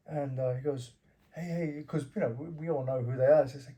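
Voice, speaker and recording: A man's voice: mid-range voice, steady tone, quick pace, warm tone. A middle-aged man from Australia, a former fighter, telling loose anecdotes as an interview guest, laughing often and swearing freely.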